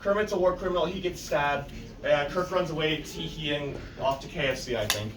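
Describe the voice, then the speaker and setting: A man's voice: a little high, normal speed. A man playing a professor on a convention panel, giving a playful comedic lecture to an audience and often laughing. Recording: echoey room from far off with loud background noise.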